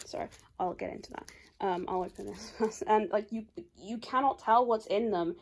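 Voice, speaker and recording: A woman's voice: medium pitch, normal speed, noisy background. A young woman chatting casually at home as she unboxes items. Her talk rambles and is full of "like". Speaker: YouTuber. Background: faint crinkling of packaging.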